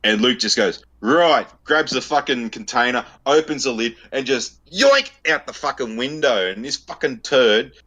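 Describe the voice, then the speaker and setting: Swearing freely and laughing at his own jokes, a man with an Australian accent trades crude stories as a podcast co-host in casual storytelling banter. His medium-pitched voice is animated and sharp, moving at normal speed with few pauses.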